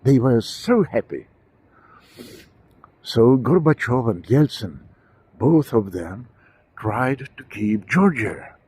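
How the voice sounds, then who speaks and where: A man giving a walking monologue outdoors, halting with frequent fillers and self-corrections. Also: mid-range voice, sing-song, a little mellow, breathy edge. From Russia. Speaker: commentator. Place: outdoors on a city walk.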